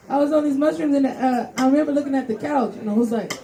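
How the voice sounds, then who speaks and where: A man's voice: very high voice, quick pace, warm tone. A man doing a loose, profane stand-up set on a live stage, laughing through his stories. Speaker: stand-up comedian. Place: live stage before an audience. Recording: live mic with crowd noise.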